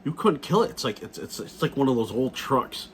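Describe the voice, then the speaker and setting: A man's voice: mid-range voice, sing-song, a little fast, slight background noise. A middle-aged man ranting casually in a video blog, blunt and profane, repeating himself as he talks. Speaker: gun vlogger.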